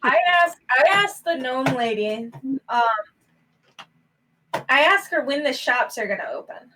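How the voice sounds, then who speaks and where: Woman, tabletop player, slow, high voice, deadpan, distant mic. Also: a little hiss or hum. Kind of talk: casual tabletop game play.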